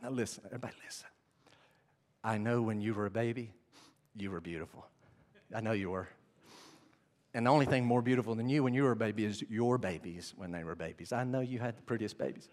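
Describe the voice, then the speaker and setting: A man preaching a sermon, telling the story with animated swings between hushed and loud. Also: mid-range voice, fast talker. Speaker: pastor. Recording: long hall reverb.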